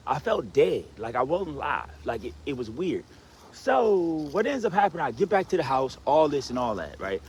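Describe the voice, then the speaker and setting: A man's voice: normal speed, a little hiss or hum. A man telling a personal story in a rambling, casual way, checking in with "right?" and "you know what I'm saying" as he goes. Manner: animated, swings from low mutters to excited outbursts.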